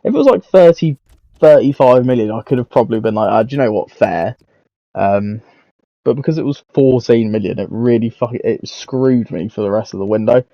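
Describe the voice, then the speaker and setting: A man's voice: on the low side, brisk, warm tone, no room sound. Rambling man, dull dry mic. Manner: rambling, self-mocking, swears casually. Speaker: gaming YouTuber. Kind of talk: casual gameplay commentary.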